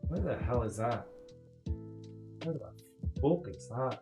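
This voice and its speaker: A man's voice: mid-range voice, lively intonation, slow, music in the background. A man streaming a game, chatting casually and swearing a lot in a put-on Scottish accent. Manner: chatty, profane, jokey. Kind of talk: casual gameplay commentary.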